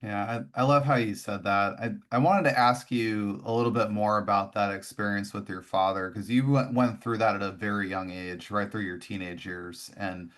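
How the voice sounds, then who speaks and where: Lowish male podcast host, affirming. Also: steady tone, normal speed, few pauses, fairly bright tone. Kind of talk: podcast interview.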